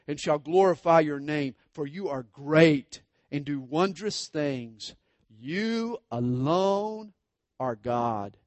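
A man preaching a sermon, expounding scripture and praying aloud, swinging between loud declarations and hushed asides. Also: on the high side, dry recording.

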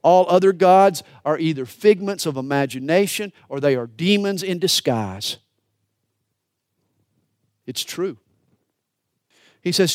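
A man with a high voice preaches with swings between hushed, intimate lines and fervent, pleading bursts. The sound is dry and close, with no room around it. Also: lively intonation, unhurried, pauses often, no echo. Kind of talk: sermon.

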